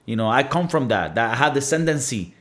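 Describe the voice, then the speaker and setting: A man's voice: medium pitch, animated, brisk, fairly bright tone. Blunt, cussing man from Venezuela. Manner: blunt, profane, emphatic with lots of fillers. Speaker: podcast host. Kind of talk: casual monologue.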